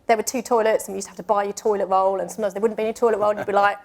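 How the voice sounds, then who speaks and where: A woman of middling pitch tells her career story on a conference stage. She talks freely, quick with a self-deprecating aside. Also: flat delivery, a little mellow. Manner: laughing, self-deprecating, talkative. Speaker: marketing executive, panelist. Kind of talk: conference panel talk. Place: conference stage before an audience.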